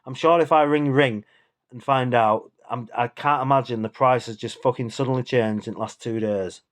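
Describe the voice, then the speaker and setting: Bloke a bit drunk, rambling sweary rant, indignant, middle-pitched voice. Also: male voice, normal speed. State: tipsy from drinking. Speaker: vlogger. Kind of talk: ranting casual monologue.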